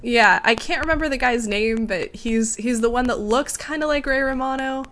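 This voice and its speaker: A woman's voice: fairly high pitch, moderate pace, fairly bright tone. A woman co-hosting a podcast, chatting casually and laughing often as she recaps a sitcom episode. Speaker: podcast co-host.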